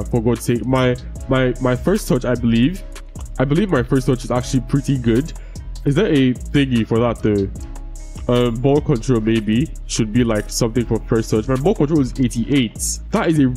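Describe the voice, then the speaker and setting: Young guy ranting over a football game, swears a lot, average voice, soft music in the back. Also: mid-range voice, poor audio. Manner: swears freely, frustrated rants at the game. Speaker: gaming YouTuber. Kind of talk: casual gameplay commentary.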